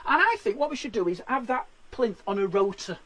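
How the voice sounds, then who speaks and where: A man with a Yorkshire accent hosting a stand-up comedy show from a shed, chatty and full of quick asides. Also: very high-pitched, expressive, no room sound. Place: garden shed.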